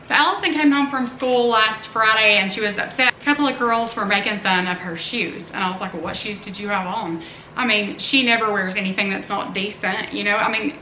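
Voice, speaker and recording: A woman's voice: a little high, bright, forceful tone. A middle-aged woman chatting casually and earnestly to her vlog audience as a mother, with rambling asides. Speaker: family vlogger, mother. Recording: roomy echo, faint background noise.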